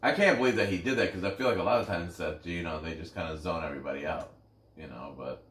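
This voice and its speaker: A man's voice: sits low, quick pace, fairly bright tone, slight background noise. A man co-hosting a podcast, talking sports loosely, swearing and restarting his sentences with many ums. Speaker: podcast co-host. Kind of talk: casual sports chat. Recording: roomy echo, a bit far from the mic.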